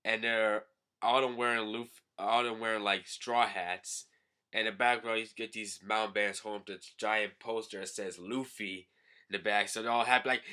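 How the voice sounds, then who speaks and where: A young man hosting a casual manga recap, talking loosely and jumping into high shouted voices for the characters. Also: smooth. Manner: animated, jumps into loud high-pitched shouted character voices. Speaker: manga review host.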